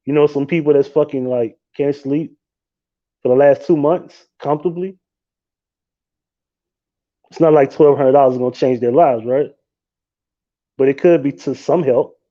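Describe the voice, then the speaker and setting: A man hosting a live stream, ranting loudly and mockingly with a lot of swearing. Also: medium pitch, fairly even intonation, normal speed, pauses often, highs cut off. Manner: profane, loud and mocking. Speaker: livestream host. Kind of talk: casual live-stream rant.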